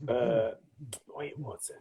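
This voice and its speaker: A man's voice: medium pitch, steady tone, slow pace, dark tone, breathy edge, low-quality recording. A man chatting as a guest on a casual livestream, hesitant and searching for words. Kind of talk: casual chat.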